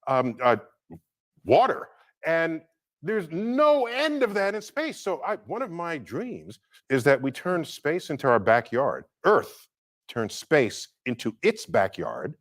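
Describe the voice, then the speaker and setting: A man speaking in a thoughtful, measured way in a public talk. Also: on the high side, big pitch swings, fairly bright tone.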